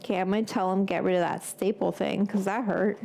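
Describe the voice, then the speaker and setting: A woman's voice: medium pitch, steady tone, brisk, creaky, warm tone, a little hiss or hum. A woman hosting a cooking live stream from a home kitchen, talking in a loose, rambling, chatty way with casual swearing and drifting off onto tangents.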